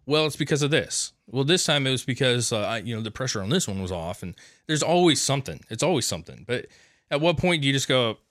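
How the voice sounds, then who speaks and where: A man's voice: mid-range voice, lively intonation, fast talker, a bit bright, dry recording, clean studio sound. A man in casual podcast chat, blunt and emphatic, swearing freely.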